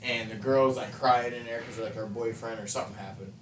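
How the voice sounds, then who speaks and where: A man co-hosts a casual hangout stream, recounting a story in a loose, animated way, peppered with swearing. His voice is of ordinary pitch and sits a little away from the mic in an echoey room. A faint hiss runs underneath. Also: brisk. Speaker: co-host. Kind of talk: casual chat. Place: room during a painting stream. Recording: roomy, distant mic, faint noise.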